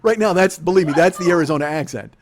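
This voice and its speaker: Fast and on the high side, this man's voice belongs to a comedy podcast host in his forties. He rambles through profane rants and keeps cracking up at his own jokes.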